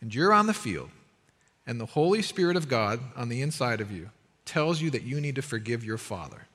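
A man hosting a faith interview, asking questions in a deliberate, emphatic way. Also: medium pitch, big pitch swings, fairly bright tone, big-room sound. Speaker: talk show host.

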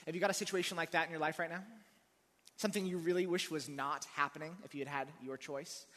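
A man's voice: a little high, fairly even intonation, fast talker, fairly bright tone. A male pastor telling a personal story in a conversational sermon with dry humor. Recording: long reverb of a large hall.

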